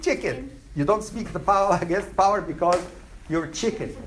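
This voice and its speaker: A religious teacher giving a classroom lecture, animated and quizzing the students as they go. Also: medium pitch, moderate pace, a little hiss or hum. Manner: animated, asks the class questions.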